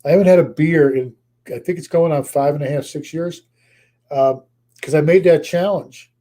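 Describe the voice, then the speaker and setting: A man's voice: fairly high pitch, moderate pace, mellow. A man running a motivational real estate sales coaching session, emphatic and repeating his key points, his voice getting tired. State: voice tiring.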